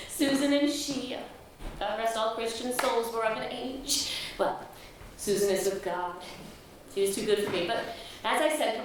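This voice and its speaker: A woman's voice: sits high, slight background noise, natural voice. A woman playing a chattering old nurse who rambles and laughs often, in a stage play. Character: chattering old female nurse, bawdy and fond. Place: theater stage. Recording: echoey stage miked from far off.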